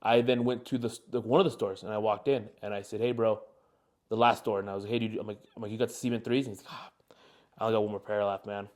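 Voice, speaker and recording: A man's voice: lowish voice, steady tone, fast talker, darkish tone. A young man in his twenties, co-hosting a podcast and telling a long rambling story with lots of fillers. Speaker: podcast co-host. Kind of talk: casual chat, storytelling.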